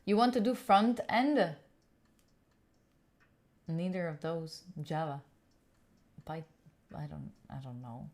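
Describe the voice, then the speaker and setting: A woman's voice: deep voice, slow, long pauses, a little mellow. A young woman from Italy hosting a study livestream at home, chatting casually and giggling as she answers viewers' questions. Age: young adult. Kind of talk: casual chat with live viewers. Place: room at home.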